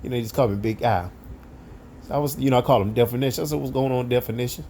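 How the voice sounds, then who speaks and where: A man with a mellow, warm-toned voice tells a work story in a loose, conversational way. He rambles and keeps dropping "you know" between phrases, in relaxed everyday slang. A faint hum of room noise sits underneath. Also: medium pitch, racing. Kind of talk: casual spoken storytelling.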